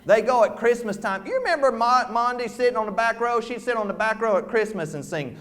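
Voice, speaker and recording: A male storyteller spins a folk tale in a fairly high, bright voice. His delivery is animated and folksy, and his pitch rises and falls widely as he talks to his listeners. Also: fairly quick, few pauses, slight background noise.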